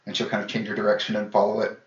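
A man with a lowish voice narrating a tabletop game as game master. He describes scenes casually and with many fillers. The sound is dull and lo-fi, in an echoey room. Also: completely flat delivery, racing.

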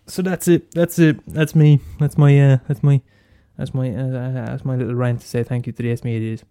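A man's voice: mid-range voice, steady tone, fairly quick, hardly any pauses, clear, resonant tone, no room sound, studio quality, faint music behind. An Irish man hosting a solo comedy podcast, blunt and sweary, mocking himself and repeating lines for effect. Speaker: podcast host.

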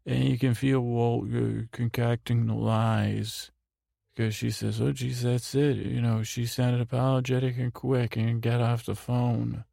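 A man's voice: medium pitch, flat delivery, unhurried, creaky, dark tone, dry recording, clean studio sound. A man hosting a bedtime podcast, giving a rambling recap full of restarts and fillers. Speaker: podcast host.

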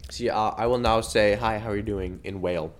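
A man co-hosting a casual podcast chat, goofing around with deadpan trolling jokes. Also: lowish voice, fairly quick. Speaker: podcast co-host.

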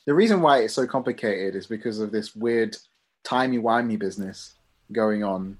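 A man in casual conversation, easygoing and quick to laugh, explaining his view at length. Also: lowish voice, slightly rough. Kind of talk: casual chat.

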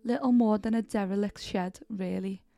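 A woman hosting a podcast, narrating a horror story in a steady, measured way. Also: medium pitch, vocal fry, soft background music. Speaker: podcast host and story reader.

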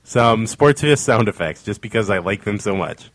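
A man's voice: fairly low pitch, animated, normal speed, dry recording. A man hosting a podcast, teasing his co-hosts in casual chat. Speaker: podcast host.

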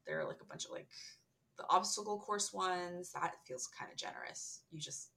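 Bright-voiced woman rambling casually on a podcast. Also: fairly low pitch, huge pitch swings, moderate pace, vocal fry. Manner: rambling, heavy use of "like" and "um". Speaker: podcast co-host. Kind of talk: casual podcast chat about a video game.

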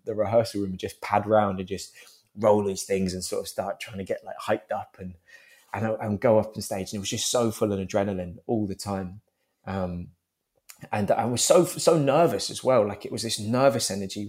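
Enthusiastic man with a lowish voice. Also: normal speed, darkish tone. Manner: enthusiastic, rambling, laughs often. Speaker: stage actor. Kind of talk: interview talk.

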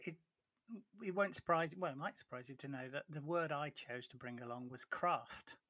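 A man hosting a casual interview, asking curious questions and gently prompting his guest. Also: a little high, moderate pace, no echo, clean studio sound.

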